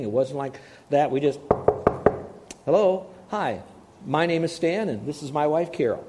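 Mellow-voiced preacher telling stories. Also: male voice, on the high side. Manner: conversational storytelling, asks the audience questions. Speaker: pastor. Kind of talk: sermon with personal stories.

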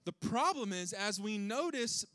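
A young man telling a funny family story to an audience, animated and self-deprecating, acting out his kids' voices. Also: sits high, measured pace, no room sound.

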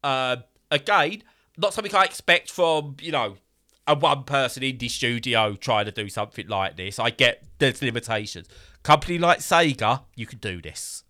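Bright-voiced man chatting casually. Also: medium pitch, normal speed. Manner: animated, rambling, with many fillers and sudden bursts of exasperation. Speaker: podcast co-host reviewing a game. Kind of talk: casual chat.

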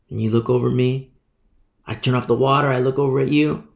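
A man's voice: mid-range voice, steady tone, brisk, gravelly. A man preaching a Bible teaching in a conversational way, acting out little scenes as he goes. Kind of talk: sermon. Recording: echoey room.

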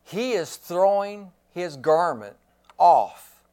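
A man's voice: sits high, very animated, slow pace, a little mellow, smooth. A man preaching a sermon as pastor, emphatic and given to repeating his phrases.

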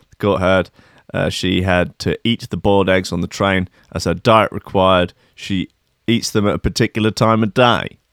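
A man's voice: deep voice, fairly even intonation, measured pace, fairly bright tone, smooth, no echo, studio quality. A man hosting a show, reading out news stories in casual commentary with sardonic, laughing asides. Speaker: host.

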